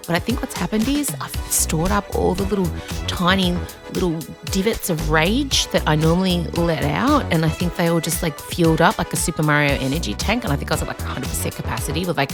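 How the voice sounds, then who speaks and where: A woman's voice: on the low side, vocal fry, over music. Ranty woman podcast host. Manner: animated and ranty, with swearing and quick asides. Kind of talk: casual chat.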